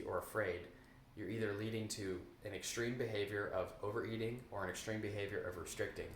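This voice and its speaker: A man with a somewhat low voice teaches in an earnest, steady way, circling back to repeat what matters and slowing to stress it. The room gives his voice a noticeable echo, with a faint hum underneath. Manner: earnest, repeats key phrases, slows down for emphasis. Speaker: eating coach. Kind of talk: instructional talk to camera.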